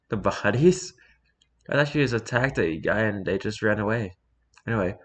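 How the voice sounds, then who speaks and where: A man's voice: lowish voice, animated, unhurried. A man hosting a comedic reading of a fan story, breaking off with exasperated, sarcastic asides.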